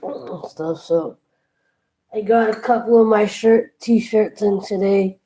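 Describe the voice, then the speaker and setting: Sleepy lady on a live stream at her job, yawning, talks real slow, thanks folks as they pop in. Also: medium pitch, warm tone, rough recording. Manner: drowsy, unhurried, thanks viewers one by one. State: tired and yawning. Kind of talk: casual live-stream chat with viewers. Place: at her workplace.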